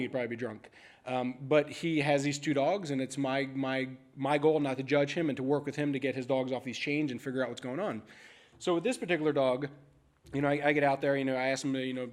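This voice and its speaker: A man giving a conference talk as an animal services manager, telling stories in a casual, frank, animated way. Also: a little high. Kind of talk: conference presentation. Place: conference stage.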